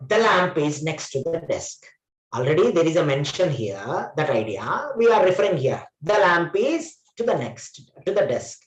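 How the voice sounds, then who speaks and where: A man's voice: a little high, big pitch swings, moderate pace, roomy sound, a little hiss or hum, rough recording. A man teaching an online English grammar class, often repeating phrases and correcting himself. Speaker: English trainer.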